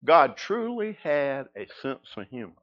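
A pastor from South Georgia, USA, preaches a sermon in a Southern Georgia accent, building to emphatic repetition. His medium-pitched voice is very animated at a measured pace, with no echo, and the lo-fi sound is dull.

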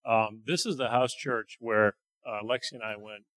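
Earnest, halting man with dry sound. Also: medium pitch, fairly bright tone, no room sound, rough recording. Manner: halting, repeats words, earnest. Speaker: church member sharing mission trip. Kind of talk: casual testimony talk.

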